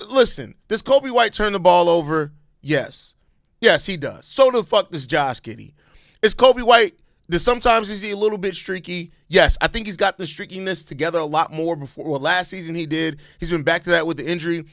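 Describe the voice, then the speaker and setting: A man hosting a live postgame reaction, talking bluntly with plenty of profanity and breaking into loud rants. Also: on the high side, lively intonation, a little fast, no room sound, studio quality. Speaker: sports channel host.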